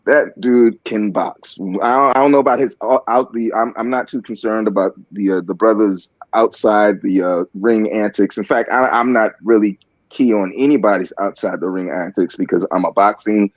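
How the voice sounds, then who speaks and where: A man's voice: fairly low pitch, steady tone, no room sound, muffled recording. A man with a Baltimore accent giving casual, joking sports opinions, full of fillers and restarts. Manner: halting, filler-heavy, joking. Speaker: panelist on a sports talk stream.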